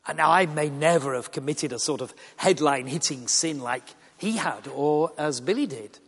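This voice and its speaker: A man's voice: a little high, moderate pace, slightly rough. A middle-aged man with a Yorkshire accent preaching a sermon in a church, earnest and conversational with wry asides. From Yorkshire, England. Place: church or large hall. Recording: long reverb of a large hall.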